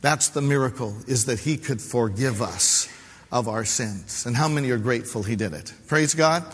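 A man's voice: mid-range voice, moderate pace, fairly bright tone, husky. A man, a pastor, preaching a heartfelt sermon with calls to the congregation. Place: church hall. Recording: live sermon with long hall reverb.

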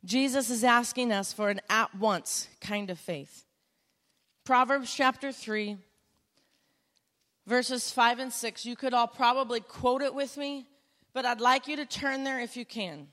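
A woman preaching a sermon, conversational and storytelling, building to emphatic, loud exclamations. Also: a little high, steady tone, measured pace. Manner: conversational storytelling with self-talk asides. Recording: long hall reverb.

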